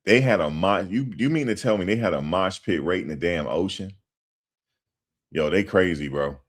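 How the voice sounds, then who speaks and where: A man doing casual commentary on a livestream. He talks in an animated, slangy way and repeats himself for emphasis. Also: sits low, moderate pace.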